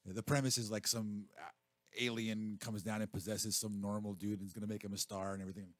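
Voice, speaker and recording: A man's voice: fairly low pitch, little pitch movement, fast, dry recording. A man who is a drummer, guesting on a radio show and chatting casually with enthusiasm. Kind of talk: casual studio chat. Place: radio studio.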